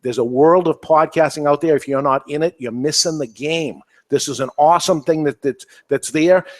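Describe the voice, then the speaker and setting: A man's voice: fairly high pitch, moderate pace. A man with a New England accent, hosting a cigar podcast in casual panel chat, rambling and emphatic, repeating himself.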